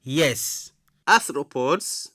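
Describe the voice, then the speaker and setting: Slow, bright-voiced radio teacher woman. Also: deep voice, expressive, studio quality, faint music behind. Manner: slow, encouraging, repeats phrases for listeners to echo. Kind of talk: radio lesson for children, call and response.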